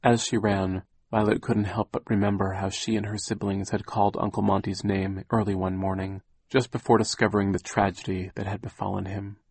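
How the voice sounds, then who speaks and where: Casting note: male audiobook narrator, low-pitched and husky, measured, dry close sound. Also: level tone, dry recording. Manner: measured, gently dramatic storytelling. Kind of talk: scripted narration.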